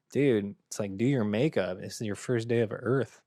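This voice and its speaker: A young man hosting a podcast, telling a comic story in a deadpan, self-mocking way. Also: on the low side, brisk, hardly any pauses, dry recording, studio quality. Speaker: podcast host. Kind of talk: comedic storytelling monologue.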